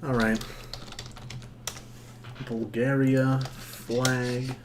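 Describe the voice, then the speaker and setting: A man's voice: medium pitch, level tone, drawn-out words, noisy background. A man streaming while he edits, talking dryly and sarcastically and often dropping to mumbled asides. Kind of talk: casual chat while editing.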